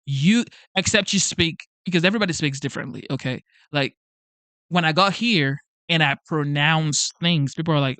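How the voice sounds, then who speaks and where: A livestream host, a Nigerian man with a Nigerian accent, talks at normal speed in a slightly high, fairly bright voice with no room sound. He rambles casually, reads viewer comments aloud, and leans heavily on "like" and "okay?".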